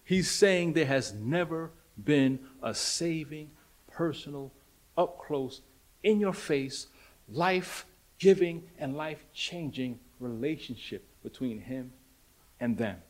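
Speaking slowly in a voice on the high side, a man delivers an emphatic, dramatic sermon. He moves back and forth between loud pronouncements and hushed lines and keeps repeating rhetorical questions.

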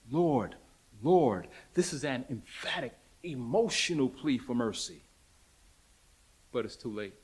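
In a mid-range voice, a man preaches a dramatic, emphatic sermon, repeating rhetorical questions and swinging between loud declarations and hushed lines.

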